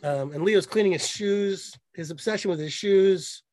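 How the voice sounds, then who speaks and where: A man co-hosting a podcast in casual chat, excited and profane, mocking what he talks about. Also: high voice, slight background noise. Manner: excited, profane, mocking, quick bursts of mimicry. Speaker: podcast co-host.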